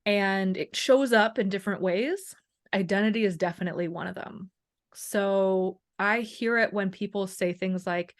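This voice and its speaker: A woman talking casually as a wellness coach in an interview, animated and acting out quoted voices, peppering her speech with "like" and "you know". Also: medium pitch, a little slow. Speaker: chronic pain and wellness coach, guest.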